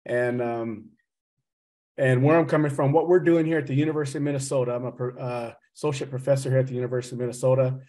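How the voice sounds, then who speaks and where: A man's voice: mid-range voice, steady tone, quick pace, dark tone. Middle-aged man, slight Southern drawl, loose joking lecturer on a video call, mid-range voice. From Oklahoma. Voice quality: chatty, teasing, loose and joking. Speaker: associate professor and speaker.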